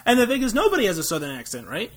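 A young American man talks movies on a casual podcast, rambling through jokey asides. His voice sits a little high, and he laughs often as he goes. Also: wildly swooping pitch, very fast, a bit bright. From United States. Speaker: podcast co-host.

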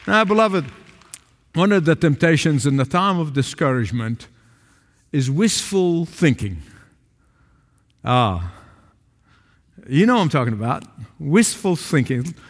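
A man preaching a sermon to a small congregation in a church, emphatic, swinging between raised calls and low, quiet asides. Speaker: pastor. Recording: long reverb of a large hall.

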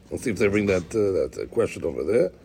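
A man's voice: fairly low pitch, vocal fry, warm tone, a little hiss or hum. A man teaching a Talmud study lesson, explaining the text line by line and acting out the speakers' words.

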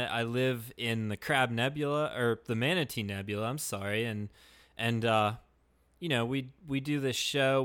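A man hosts a comedy podcast and plays himself in an improvised skit. He rambles and hesitates as he goes, in an ordinary mid-pitched voice. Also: fairly bright tone. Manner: hesitant and rambling, with many restarts and fillers. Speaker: podcast host.

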